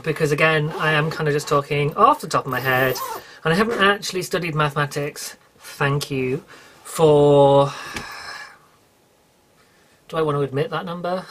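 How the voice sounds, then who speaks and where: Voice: mid-range voice, a bit bright, slight background noise. A podcast host with a British accent, chatting alone in a rambling way, correcting and apologising as they go. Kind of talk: casual solo podcast chat.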